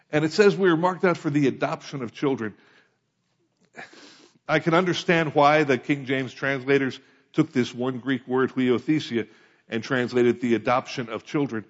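A man's voice: mid-range voice, muffled recording. A man from the United States preaching a sermon as pastor, conversational and often asking his listeners questions. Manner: conversational, asks the congregation questions.

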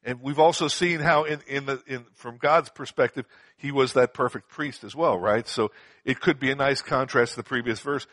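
A man's voice: medium pitch, normal speed, a bit bright, dry recording. A man teaching a Bible passage verse by verse to a live group, conversational, repeating words for emphasis and asking rhetorical questions. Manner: frequent fillers and rhetorical questions.

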